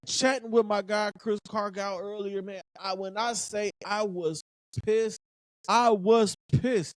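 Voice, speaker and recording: A man's voice: high-pitched, no room sound. A man in his thirties hosting a sports podcast in casual talk, fired up and emphatic, repeating phrases for effect.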